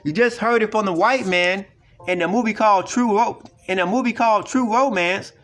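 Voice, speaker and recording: A man's voice: sits high, moderate pace, a bit bright. A man ranting in a video commentary, profane and repetitive as he lectures emphatically. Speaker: online commentator.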